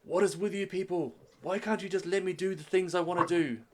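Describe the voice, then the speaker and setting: A man's voice: on the high side, moderate pace, a little hiss or hum, voice pushed up, natural voice. A man doing a defiant young prince. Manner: impassioned, pleading, raised voice.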